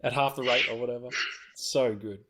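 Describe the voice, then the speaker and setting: A man chatting loosely on a film podcast, crude and quick to laugh. He throws himself into quoted movie lines, and his voice sits at an ordinary middle pitch. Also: steady tone, bright, forceful tone. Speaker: podcast co-host. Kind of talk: casual film podcast chat.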